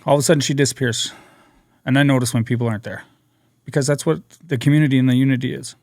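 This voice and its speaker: A man telling his recovery story as a podcast guest, earnest and energetic, acting out what people said. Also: mid-range voice, fast, dry recording, clean studio sound. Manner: energetic, earnest storyteller who acts out quotes. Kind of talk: personal storytelling interview.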